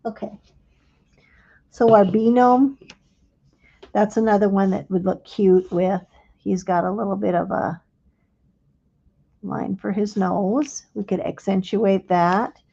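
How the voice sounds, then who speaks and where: Gravelly, mellow woman teaching crafts. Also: mid-range voice, steady tone, dull audio. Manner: gentle, unhurried step-by-step explaining. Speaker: craft instructor. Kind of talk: live crafting demonstration.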